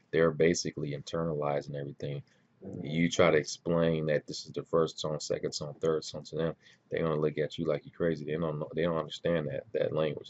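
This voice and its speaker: A man with a rumbling low voice offers casual advice on learning languages. He's relaxed and rambling, full of ums and restarts, and the sound quality is lo-fi.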